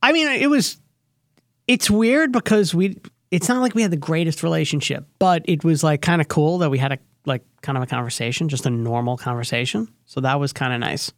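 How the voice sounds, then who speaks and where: A man's voice: on the high side, fairly quick, dry recording, studio quality. A man hosting a radio show, telling a personal story in a rambling, hesitant way full of restarts. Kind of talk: casual storytelling chat.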